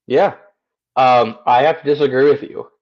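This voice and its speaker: A man co-hosting a sports show, making his case calmly with stats. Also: medium pitch, muffled recording. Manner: measured, cites stats. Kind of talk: casual sports analysis.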